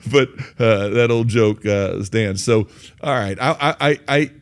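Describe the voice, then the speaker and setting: An earnest male interview host with a slightly low voice. He tells folksy stories about faith and often restarts his sentences. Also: a little slow, hardly any pauses, clean tone. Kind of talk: faith-based interview, storytelling.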